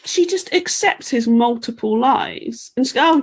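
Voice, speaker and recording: A woman's voice: on the high side, expressive, measured pace, hardly any pauses, slightly rough. Ranting, sweary woman on a podcast. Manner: ranting, mocking impressions, swears freely. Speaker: podcast co-host. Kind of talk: casual podcast chat.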